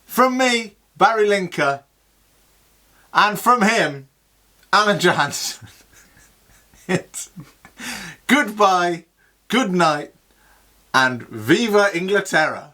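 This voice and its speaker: Brief: man doing a crowing football presenter, high, bright, very lively. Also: takes it slowly, pauses often, exaggerated voice. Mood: gloating. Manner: gleeful, taunting, showy sign-off. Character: gloating jubilant male English football presenter.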